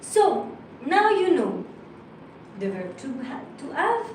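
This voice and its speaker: A woman's voice: sits high, sing-song, slow pace. A woman from France with a French accent, teaching a live language lesson and patiently spelling out letters. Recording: very echoey room, mic far off, faint noise.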